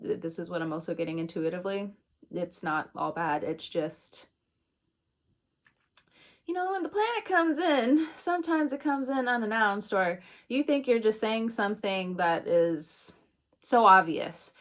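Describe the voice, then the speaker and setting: A young woman reads tarot in a loose, rambling way, laughing at her own jokes and swearing now and then. Her voice sits at an everyday middle pitch. She talks as if chatting with friends. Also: a little slow. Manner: chatty, meandering, laughs at herself, swears casually. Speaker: tarot reader. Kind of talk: casual tarot reading.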